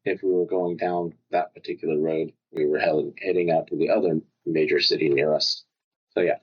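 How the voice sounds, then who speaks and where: A man's voice: extremely low pitch, flat delivery, normal speed, breathy edge, dull audio. A man co-hosting a podcast in casual chat, laid-back with dry quips. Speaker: podcast co-host.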